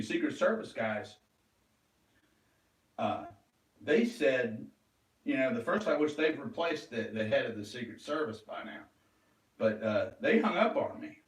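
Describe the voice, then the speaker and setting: A man's voice: mid-range voice, distant mic. Rambling, agitated male vlogger with a mid-range voice, set back from the mic. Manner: agitated, rambling, swearing, flares into loud outbursts. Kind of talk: rambling monologue. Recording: roomy echo, away from the mic.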